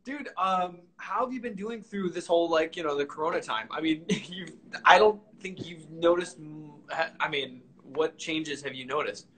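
A man's voice: on the high side, normal speed, hardly any pauses, a bit bright, low-quality recording. Laid-back man hosting a video call. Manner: laid-back, agreeable, casual slang. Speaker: host horn player. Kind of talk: casual video call chat.

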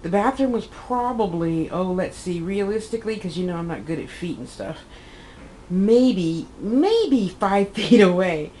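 A woman's voice: medium pitch, animated, measured pace, mellow, a little hiss or hum, low-quality recording. A woman in her fifties telling a rambling personal story in a casual vlog, correcting herself as she goes and acting out what she said. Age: 50s. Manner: rambling, chatty, self-correcting, acts out her own quotes. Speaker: vlogger.

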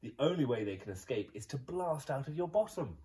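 A man's voice: mid-range voice, sing-song, brisk, distant mic, pitched above the performer's own voice, natural voice. A man voicing a patient dog doctor. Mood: explaining. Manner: explaining, gently scolding.

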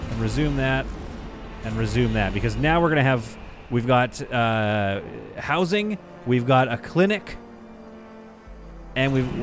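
Male let's-play commentator, chatty and excitable, average pitch, music bed underneath. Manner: excitable, thinking aloud with exclamations. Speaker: gameplay commentator.

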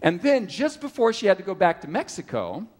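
Animated preacher, high lively voice, hall echo. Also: male voice, fairly quick. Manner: storytelling with animated rises and drops. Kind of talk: sermon. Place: large hall at a camp meeting. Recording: reverberant hall.

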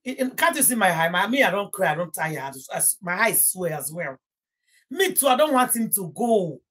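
A woman's voice: mid-range voice, big pitch swings, brisk, fairly bright tone, slightly rough. A young Nigerian woman hosting a casual gossip livestream, rambling and emotional, slipping Pidgin into her English. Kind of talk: casual live-stream chat.

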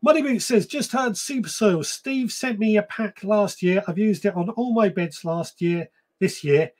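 Casual male host with a fairly high voice, loose and chatty, reading comments on a live stream. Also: moderate pace. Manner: chatty, relaxed, with frequent ums and restarts. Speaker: podcast host.

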